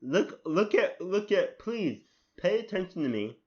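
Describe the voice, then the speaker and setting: A man's voice: medium pitch, steady tone, moderate pace, a little mellow, lo-fi sound, pitched above the performer's own voice, close to an everyday voice. A man voicing a pushy female fairy guide who nags insistently for attention. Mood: nagging. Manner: insistent, nagging.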